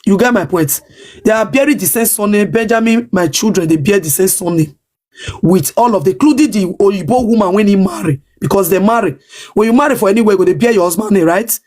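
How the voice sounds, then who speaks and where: A woman's voice: medium pitch, a little fast, a little mellow. Nigerian pidgin lady going off on a live stream, repeats herself, very insistent. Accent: Nigerian Pidgin English. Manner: emphatic, repetitive, defiant. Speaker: social media live streamer. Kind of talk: livestream rant.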